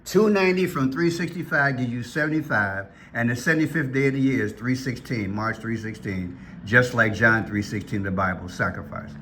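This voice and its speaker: A man hosting a casual commentary vlog, excitable and repetitive as he points things out on screen. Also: medium pitch, a little fast, hardly any pauses, slight background noise. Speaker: vlog host.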